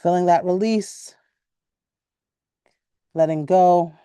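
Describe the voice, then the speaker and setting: A woman teaching a yoga class, giving calm, measured cues timed to the breath and stretching out repeated words. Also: lowish voice, smooth, no room sound, studio quality. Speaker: yoga instructor.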